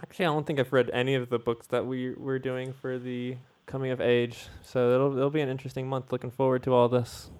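A man co-hosts a casual podcast in an ordinary mid-range voice. His delivery is relaxed and halting, full of ums, uhs and restarts. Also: mid-range voice, clear, resonant tone. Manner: halting, many fillers and restarts, laid-back. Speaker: podcast co-host. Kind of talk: casual chat.

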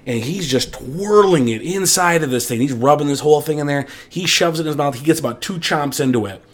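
A man telling a funny story in a casual chat, animated and cursing freely. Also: a little high, brisk. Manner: animated, laughing storyteller who swears freely.

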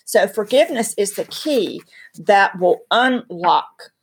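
A woman's voice: mid-range voice, animated, slow, breathy edge. A woman from North Carolina with a Southern accent, a guest teaching about faith in an emphatic, storytelling, preacherly way. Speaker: guest speaker. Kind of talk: earnest faith teaching in conversation.

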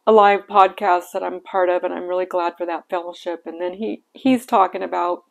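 A woman's voice: on the low side, fairly even intonation, fairly quick, vocal fry, muffled recording. An older woman hosting a devotional podcast, sharing a heartfelt personal reflection on scripture with sighs and emotion in her voice.

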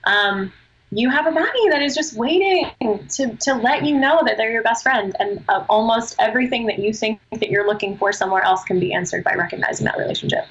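A woman with a high, bright, forceful voice speaks as a podcast guest. She is earnest and expressive and swears freely in casual chat. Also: brisk, muffled recording. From Australia.

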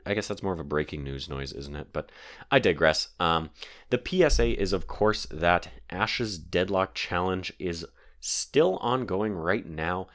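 Deep-voiced man hosting a podcast. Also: lively intonation, unhurried, fairly bright tone. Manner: rambling, filler-heavy, digressive. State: sore throat. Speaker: podcast host. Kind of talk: casual solo podcast chat. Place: home basement.

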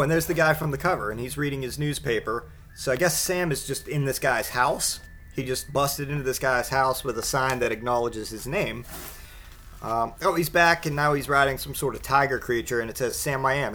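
A man talks through a picture book in casual comedic commentary, wry and rambling. His pitch sits in an ordinary middle range, and he stops often for fillers. A faint noise runs under his voice. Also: fairly bright tone.

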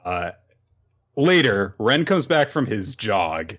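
A man recaps a story in casual chat, with a lowish voice that rises and falls a lot. He is chatty and animated and laughs easily. The recording sounds dull and lo-fi. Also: slow. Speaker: podcast host.

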